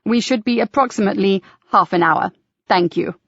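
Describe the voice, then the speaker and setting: A woman's voice: mid-range voice, moderate pace, vocal fry, fairly bright tone, breathy edge, no echo. A woman voicing a fussy, theatrical male church tour guide who announces things grandly. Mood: grand, courteous. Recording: dry, slightly dull audiobook recording.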